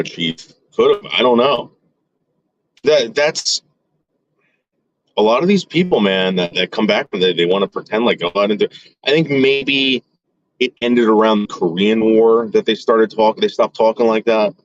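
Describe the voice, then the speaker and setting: A man's voice: on the low side, lively intonation, measured pace, pauses often, highs cut off. A man telling a rambling story, full of fillers and restarts, acting out what his relatives said. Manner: acts out quoted relatives with voice shifts. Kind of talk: casual storytelling.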